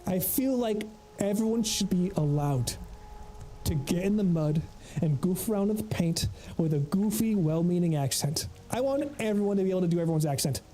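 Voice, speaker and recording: A game streamer rambles to viewers while playing, reading chat, laughing a lot and swearing freely. The voice is medium-pitched and dark in tone with lively intonation and a moderate pace, and the audio quality is poor.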